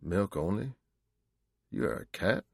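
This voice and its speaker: A man's voice: low voice, expressive, unhurried, vocal fry, breathy edge, no echo, clean studio sound, exaggerated voice. A man reading an audiobook, voicing a burly, smirking male barkeep who mocks in broken English. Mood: mocking. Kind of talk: audiobook character voice.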